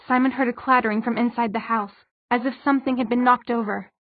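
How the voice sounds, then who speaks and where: A woman narrating an audiobook in a measured, husky voice, on a tinny, dry recording. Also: a little high, little pitch movement, no echo.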